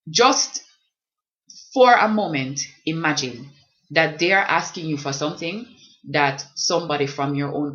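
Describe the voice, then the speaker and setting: A woman's voice: rumbling low, a bit bright. A woman, speaking earnestly and directly to the listener in a reflective personal vlog. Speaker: blogger and vlogger. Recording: dull lo-fi recording.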